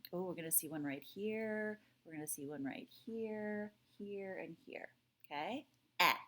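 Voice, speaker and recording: A woman giving a recorded French lesson at an ordinary middle pitch. She talks straight to her students, keeps checking in with "okay?", and slows right down to draw out each sound she models. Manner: says sounds out slowly to model them. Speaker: French teacher.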